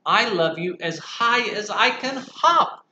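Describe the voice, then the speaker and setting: A man voicing a small young boy hare from a storybook, speaking high, loud and drawn out. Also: animated, takes it slowly, reverberant, lo-fi sound, slight background noise, full character voice. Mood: eager.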